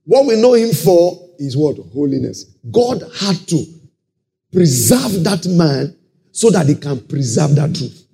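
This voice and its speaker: A man's voice: on the high side, big pitch swings, measured pace, creaky, dark tone. A man preaching a sermon, often breaking in with praise and asking whether listeners are following. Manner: peppers talk with "praise the Lord" and checks listeners follow.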